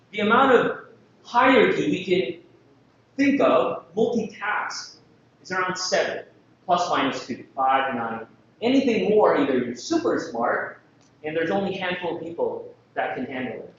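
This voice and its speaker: Guy from the philippines doing a conference talk, kinda high voice, dull far-off mic, faint room hum. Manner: jokey, asks the audience questions. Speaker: conference presenter. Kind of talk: live presentation talk. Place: conference hall. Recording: distant mic, echoey hall, dull sound.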